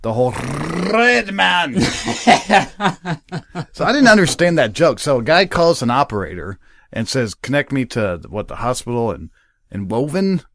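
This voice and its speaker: American man, radio host, lively pitch, dry close sound, casual banter. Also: fairly quick, no room sound. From United States. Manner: animated, laughing, rambling storyteller. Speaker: podcast host.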